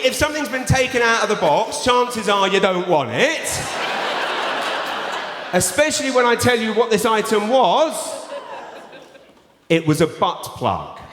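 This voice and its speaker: A man's voice: high-pitched, background noise. An English man in his thirties performing a stand-up set, animatedly telling a story and acting out the people in it. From England. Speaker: stand-up comedian. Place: large theatre before a laughing audience. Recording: roomy theatre echo with long reverb.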